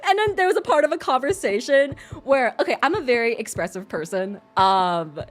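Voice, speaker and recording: A woman streamer chatting casually on a livestream, expressive and quick to laugh, swearing freely. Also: fairly high pitch, faint music behind.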